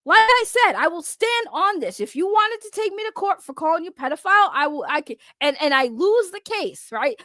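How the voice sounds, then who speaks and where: A woman's voice: very high-pitched, sing-song, moderate pace, few pauses, pushed and bright, dry recording, studio quality. A woman giving a heated, profane, confrontational rant to camera, repeating her points for emphasis. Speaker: online commentator. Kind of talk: heated ranting vlog.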